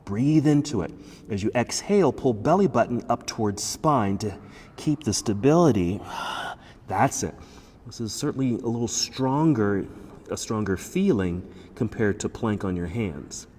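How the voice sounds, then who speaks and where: Low-voiced man guiding a yoga class. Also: measured pace, breathy edge. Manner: calm, encouraging step-by-step cues. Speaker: yoga instructor. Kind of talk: guided yoga class instruction. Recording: echoey room with faint background noise.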